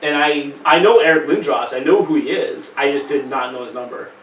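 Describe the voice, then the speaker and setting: A man co-hosting a podcast, talking casually with quick asides. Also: on the high side, fairly bright tone. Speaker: podcast co-host. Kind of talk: casual chat. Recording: roomy, distant mic with faint noise.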